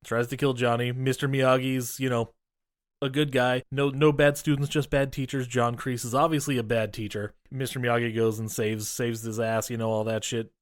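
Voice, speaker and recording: A man's voice: mid-range voice, flat delivery, moderate pace. A man co-hosting a casual film podcast, recapping scenes with profane, teasing banter. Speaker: podcast co-host. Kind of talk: casual film-review chat.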